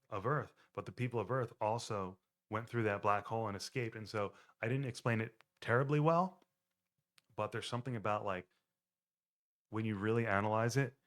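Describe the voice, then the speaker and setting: A man's voice: fairly low pitch, normal speed, fairly bright tone. A man hosting his own podcast, retelling a film plot in a rambling, self-correcting way. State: choked up, near tears; tired. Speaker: podcast host. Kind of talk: casual film recap monologue.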